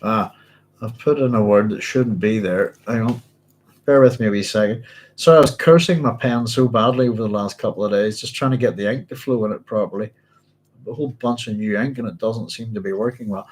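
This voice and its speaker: A man's voice: lowish voice, a little fast, low-quality recording. A man, hosting a book club, reads passages aloud and stops often to check his notes and apologise in a chatty way. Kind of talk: reading aloud with casual commentary.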